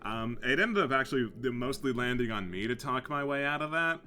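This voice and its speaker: A man's voice: mid-range voice, expressive, a little fast, bright, forceful tone. A man chatting casually as a tabletop player, easygoing and laughing often. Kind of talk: casual tabletop game chat.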